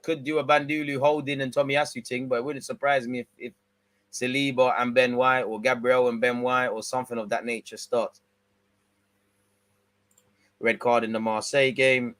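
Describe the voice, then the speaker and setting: A man's voice: mid-range voice, normal speed, dry recording. Slangy man calling a live match. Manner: slangy, excitable bursts over calm play-by-play. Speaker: watch-along host. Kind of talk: live football watch-along commentary with banter.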